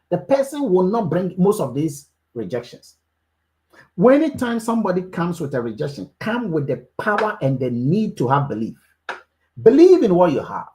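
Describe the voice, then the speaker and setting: A network marketing team leader runs a group call with a preachy, motivational speech full of repeated key phrases for emphasis. Her voice is fairly low and warm.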